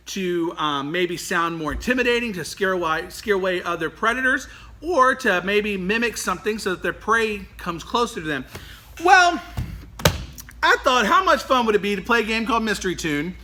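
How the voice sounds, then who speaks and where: Playful guy running a kids church lesson, high voice, really bright and punchy. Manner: animated, playful, keeps breaking into laughter. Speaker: children's worship leader. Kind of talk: lively children's lesson.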